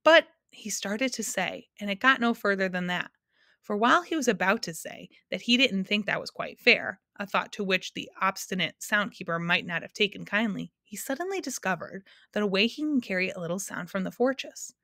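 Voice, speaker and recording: A woman teacher reading a children's novel aloud in a steady, expressive manner. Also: mid-range voice, a little fast, gravelly, no echo, studio quality.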